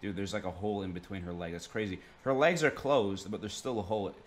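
A man's voice: lowish voice, fast. A young man streaming, giving crude, rambling reaction commentary full of swearing.

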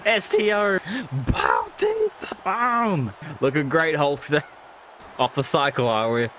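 Slight background noise sits behind this young man's fairly high voice as he slowly talks through a wrestling video game on stream. He's excitable and jokey, laughing a lot and swearing often in loose, casual commentary.

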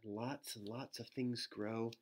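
A male pastor reads a rhyming children's book aloud in an easy, mid-pitched voice. He slips into playful asides for young listeners and joins in with animal noises. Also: steady tone, measured pace. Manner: gentle storytelling with playful asides and animal sounds.

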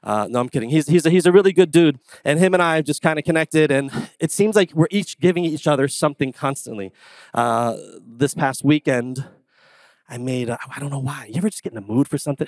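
A man preaching a sermon as pastor, telling casual stories in an animated, conversational way. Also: on the high side, fairly quick, dry recording. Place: church sanctuary.

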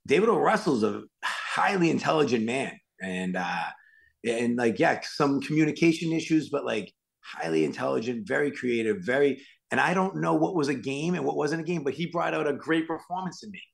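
A man's voice: medium pitch, expressive, normal speed, gravelly. A man with a Worcester, Massachusetts accent, a guest actor and stuntman telling stories casually in an interview, acting out quotes with many fillers.

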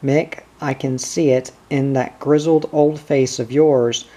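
Prim, exasperated schoolmaster voiced by a male reader, mellow tone, unhurried. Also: medium pitch, fairly even intonation. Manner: prim, scolding.

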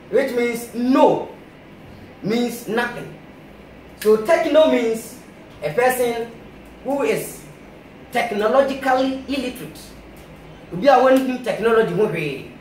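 A man with a Ghanaian accent playing a comic grammar teacher, giving a mock classroom lecture. He explains in a deliberate, drawn-out, teacherly way. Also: sits high. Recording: roomy, distant mic with faint noise.

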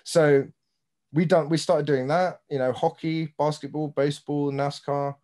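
A man from Britain, a guest on a podcast chatting casually and telling animated, joking stories. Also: fairly high pitch, a little slow. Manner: animated storyteller, swears, mimics others. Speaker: guest, vintage apparel company co-owner. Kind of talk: casual chat.

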